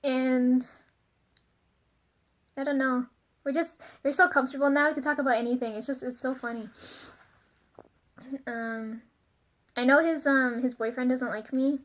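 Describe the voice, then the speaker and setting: A young woman with a high-pitched voice chats through a casual confessional vlog. She talks in a loose, rambling way, leaning on fillers like "like" and "um". She giggles often and gets flustered and self-conscious. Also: steady tone, moderate pace, long pauses, fairly bright tone. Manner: chatty, giggly, lots of fillers like "like" and "um". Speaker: vlogger.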